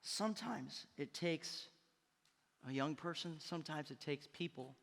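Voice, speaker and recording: A man's voice: fairly high pitch, animated, measured pace, creaky, a bit bright, long reverb tail. A male pastor preaching a sermon with emphatic delivery, tossing questions to the congregation. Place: church sanctuary.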